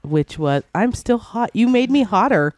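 Hoarse, lively woman podcast co-host. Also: medium pitch, dry recording, studio quality. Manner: playful, teasing, quick jokes. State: hoarse from a cold. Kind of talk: casual chat.

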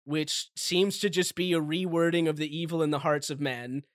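A man voicing a brooding, ageless male vampire as he reassures someone, in a calm, lightly mock-solemn way. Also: on the high side, normal speed, dry recording, studio quality, lightly acted. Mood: calmly reassuring.

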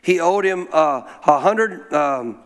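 A man teaching scripture in a folksy, informal way, prompting listeners to answer him out loud. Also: fairly high pitch, animated, takes it slowly. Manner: call-and-response, prompts listeners to answer aloud. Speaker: Bible teacher. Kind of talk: interactive Bible teaching.

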